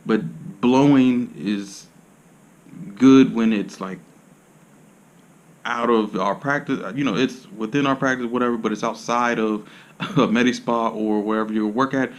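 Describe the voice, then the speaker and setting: A man's voice: medium pitch, fairly even intonation, a little slow. Man massage therapist, blunt and profane, streetwise slang, rambling talk to camera. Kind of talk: casual monologue to camera.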